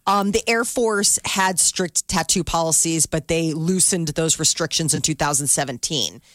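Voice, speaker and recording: A woman's voice: sits low, normal speed, a bit bright, dry recording, clean studio sound. A woman co-hosting a morning radio show, reading news items in casual banter and laughing easily.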